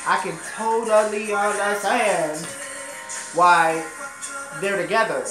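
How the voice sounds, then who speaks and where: A woman hosts a casual album reaction from home, chatty and excitable as she talks straight to her viewers. Her voice sits at a middling pitch and carries a noticeable room echo. Faint music plays behind her. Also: slow pace. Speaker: reaction video host.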